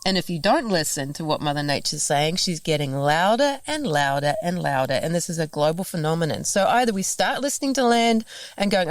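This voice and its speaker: Brief: NZ-accented woman guest, low pitch, dry close sound, animated storyteller. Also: fairly quick, dry recording. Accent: New Zealand. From New Zealand. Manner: animated storyteller, laughs often, acts out dialogue. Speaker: podcast guest. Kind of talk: casual conversation. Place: farm, recorded in person.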